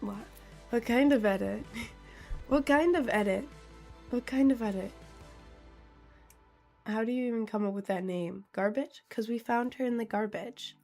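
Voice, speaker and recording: A giggly young woman streaming live, her voice sitting a little high as she chats. She reads viewers' questions out loud and answers them in a playful, easygoing way. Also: unhurried, pauses often, faint music behind. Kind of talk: casual live-stream chat.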